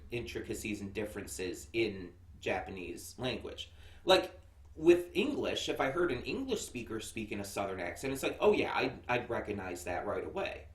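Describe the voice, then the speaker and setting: A man's voice: lowish voice, fairly bright tone. American guy rambling through a review, lots of ums, echoey room, mic kinda far. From United States. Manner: chatty, rambling with many fillers and restarts. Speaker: anime reviewer. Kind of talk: casual first-impressions review.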